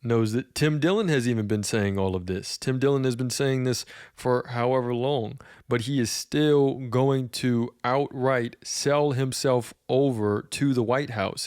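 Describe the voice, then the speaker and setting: A man's voice: medium pitch, clear, resonant tone, dry recording, studio quality. A man hosting a commentary channel, reacting to a clip in a rambling way, with many fillers and restarts.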